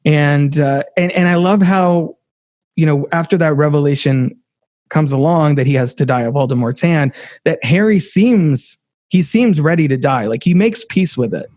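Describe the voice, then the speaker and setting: Man, fairly high voice, eager and emotional film recap, dry close mic. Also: normal speed, a little mellow, no room sound. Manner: enthusiastic, emotional retelling, light laughs. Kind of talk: casual film discussion.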